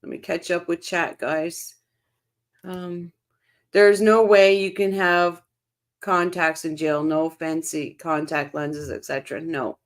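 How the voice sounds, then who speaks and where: A woman hosts a casual true-crime livestream and chats her way through viewer comments. Her voice sits a little low for a woman, and she reads the comments aloud and reacts to them as she goes. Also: fairly even intonation, slow pace. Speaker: livestream host reading chat.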